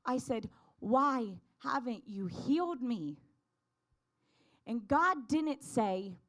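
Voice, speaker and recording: A woman's voice: a little high, animated, takes it slowly, fairly bright tone. Fervent woman giving a faith testimony. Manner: earnest, fervent, builds to emphatic declarations.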